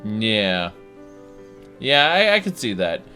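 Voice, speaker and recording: A man with a bright, forceful voice rambles through a casual game chat, full of ums and offhand curses. Faint music sits under his talk. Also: fairly low pitch, very animated, slow pace. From Colorado. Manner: rambling, swears casually, many fillers. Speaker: stream host.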